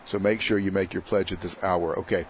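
A man's voice: low voice, steady tone, fairly quick, highs cut off, slight background noise. A man, a parish priest, chatting on a radio pledge drive and telling stories with a laugh now and then. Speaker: priest guest. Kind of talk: casual storytelling interview.

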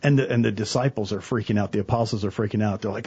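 A middle-aged man, a church worker talking about faith in an earnest, animated way, acting out the people in his stories. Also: fairly low pitch, quick pace, slightly rough, dull audio. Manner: earnest, animated storyteller, quotes people in voices. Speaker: church worker, guest on a talk show. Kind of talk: casual faith talk.

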